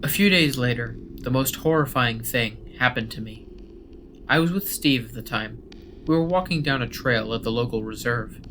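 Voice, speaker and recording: A man telling a first-person horror story as scripted narration, in a steady, measured way. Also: mid-range voice, a little hiss or hum. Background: faint background music.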